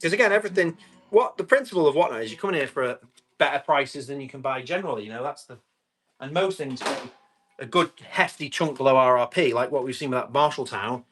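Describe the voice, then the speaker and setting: A man, selling tools on a live stream, chatty and quick to describe each item and call out the bids. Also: medium pitch, lively intonation, fairly bright tone, soft background music. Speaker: live auction seller.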